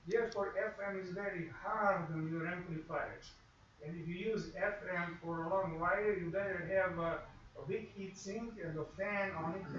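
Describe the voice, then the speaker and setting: Man, high voice, radio course instructor, classroom lecture, very echoey room, far from the mic. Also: a bit bright, lo-fi sound, slight background noise. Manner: explanatory, acts out examples in quoted asides.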